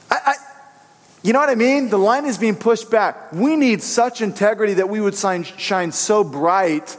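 A man's voice: sits high, normal speed. A man preaching a sermon in an earnest, conversational way, telling personal stories to make his point. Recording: long reverberant hall.

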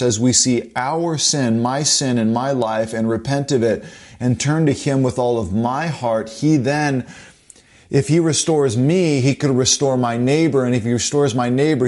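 A man's voice: mid-range voice, a little mellow. A man preaching a sermon with an emphatic, urgent, repetitive delivery.

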